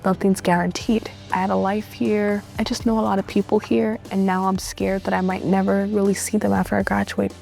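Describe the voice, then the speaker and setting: A woman's voice: medium pitch, level tone, brisk, gravelly, few pauses, darkish tone, soft background music. A young woman in her twenties from Nigeria, speaking earnestly and thoughtfully in an interview. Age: 20s. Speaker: international student. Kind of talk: interview testimony.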